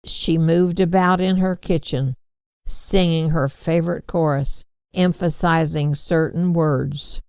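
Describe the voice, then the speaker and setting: A woman narrating a storybook chapter in a measured, unhurried way. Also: low-pitched, fairly even intonation, a little mellow, clean tone, dry recording. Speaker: audiobook reader.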